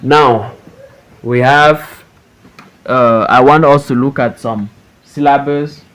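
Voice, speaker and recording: A man teaching an English phonics lesson, reading words slowly syllable by syllable for students to repeat. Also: mid-range voice, fairly bright tone, smooth. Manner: slow and deliberate, stretching words out syllable by syllable.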